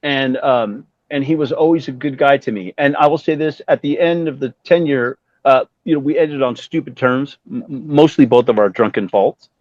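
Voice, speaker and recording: A man in his fifties, a guest musician, telling stories in a lively, casual way and swearing freely. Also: medium pitch, moderate pace, few pauses, no room sound. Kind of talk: animated storytelling interview. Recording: dull dry lo-fi sound.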